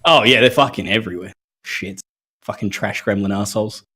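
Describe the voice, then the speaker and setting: A man's voice: fairly low pitch, fairly quick, pushed and bright, husky. A young man reading a story aloud casually, stumbling over words, swearing and laughing often.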